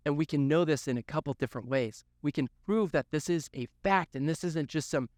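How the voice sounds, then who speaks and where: A man's voice: on the high side, a little fast, darkish tone, no room sound, studio quality. A man giving a youth sermon, telling the story earnestly, with lots of repetition for emphasis. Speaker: youth pastor.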